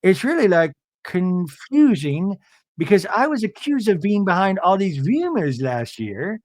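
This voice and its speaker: Hurt reality-TV wife, hesitant and aggrieved, a bit higher than his usual voice, as a male host mimics her. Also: big pitch swings, measured pace, darkish tone, dry recording, clean studio sound.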